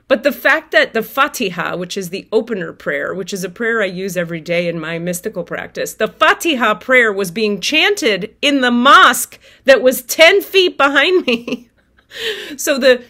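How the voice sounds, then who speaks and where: Animated, swearing spiritual storyteller woman. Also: on the high side, moderate pace. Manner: animated, swears freely, acts out her own shouting. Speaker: tarot reader and spiritual vlogger. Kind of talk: casual storytelling to viewers.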